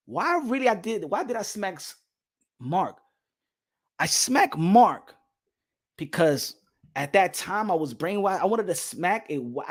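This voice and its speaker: Male host, emphatic storyteller who bursts into loud acted-out quotes. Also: high voice. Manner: emphatic, repeats phrases, acts out quotes loudly. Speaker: boxing podcast host. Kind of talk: animated storytelling.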